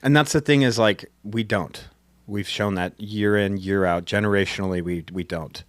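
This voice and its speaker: A man's voice: on the low side, normal speed, no room sound. A man hosting a podcast, talking casually and rambling with restarts. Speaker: podcast host. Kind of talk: casual conversation.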